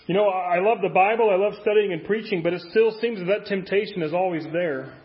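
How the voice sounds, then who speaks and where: Man, pastor, casual sermon, rhetorical questions, high voice, muffled recording. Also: fairly quick, hardly any pauses. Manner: conversational preaching with rhetorical questions.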